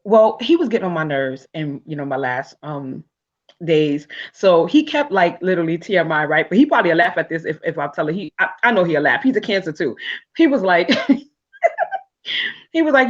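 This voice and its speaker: Animated woman telling stories, dull audio. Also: on the low side, moderate pace. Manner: animated, laughing, frequent restarts and fillers. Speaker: guest speaker. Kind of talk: casual storytelling on a live talk show.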